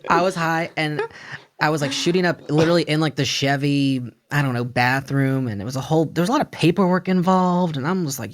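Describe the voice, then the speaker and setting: A young man telling stories on a podcast in a loose, animated way, full of fillers and acted-out quotes. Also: fairly high pitch, a little fast. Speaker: podcast guest. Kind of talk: casual storytelling about addiction recovery.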